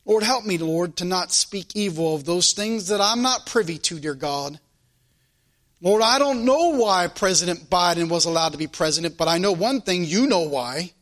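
A man's voice: high voice, expressive, moderate pace, a bit bright. A man preaching a sermon and leading a closing prayer, with a fervent, repetitive preaching cadence. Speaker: pastor.

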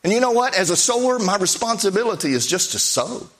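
A man's voice: high voice, fast. A middle-aged man preaching in a folksy, storytelling way, acting out bits of dialogue as he recounts his missionary outings. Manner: folksy, animated anecdotal preaching with acted-out dialogue. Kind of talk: sermon storytelling.

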